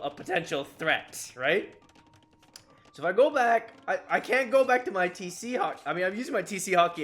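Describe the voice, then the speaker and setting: A man's voice: sits high, fairly bright tone. A man giving casual commentary over his own strategy game match, laughing often and mocking his own mistakes as he rambles along. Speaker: gaming YouTuber.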